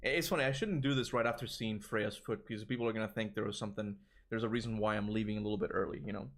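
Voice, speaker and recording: A young gaming streamer with a Toronto accent chats casually on a livestream in a lowish, fairly even voice, talking rapid-fire. He sounds tired, rambling and restarting his words while chuckling often.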